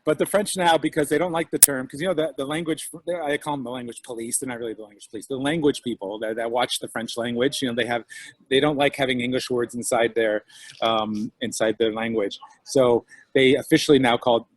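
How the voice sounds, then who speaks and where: A husky man talks over a video call, animated and chatty, slipping into his customers' voices as he tells his stories. The sound is close and dry, with no room around it. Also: medium pitch, brisk, dry recording. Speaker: guest author and diner owner. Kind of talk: casual video call chat.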